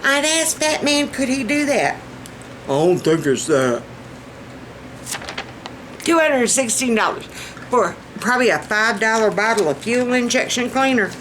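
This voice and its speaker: A woman's voice: fairly high pitch, moderate pace, fairly bright tone, slight background noise, poor audio. A woman with a Southern US accent chatting to camera in a folksy, exclaiming way as a vlogger. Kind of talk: casual chat to camera.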